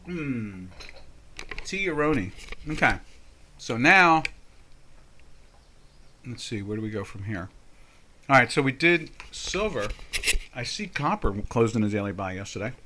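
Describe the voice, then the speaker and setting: An older man runs a live trading session, chatting his way through price charts. He talks in a folksy, easygoing way, breaking in with jokes and mock exasperation. His voice sits at an ordinary middle pitch for a man. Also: big pitch swings, a little slow, long pauses, background noise. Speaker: trading webinar host. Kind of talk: casual live market commentary.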